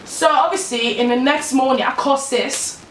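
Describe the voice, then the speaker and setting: A young woman tells a storytime vlog, slangy and animated, her fairly high voice sitting a little back from the mic. The room is echoey, with a faint hum of ambience behind her. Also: normal speed, distant mic. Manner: animated, slangy, laughs while telling. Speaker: vlogger.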